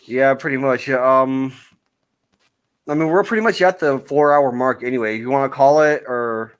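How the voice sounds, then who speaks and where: A man's voice: medium pitch, normal speed, clear, resonant tone. A man co-hosting a casual livestream, laid-back, with the odd curse. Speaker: livestream co-host.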